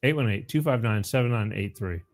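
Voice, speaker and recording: A man's voice: on the low side, lively intonation, a little fast. A man hosting a live call-in show, talking casually and rambling, often repeating the phone number.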